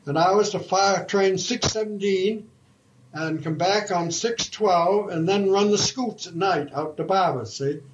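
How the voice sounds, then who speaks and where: A man's voice: sits high, unhurried, highs cut off, a little hiss or hum. Older man spinning a folksy yarn. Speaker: retired railroad fireman. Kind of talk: oral history storytelling.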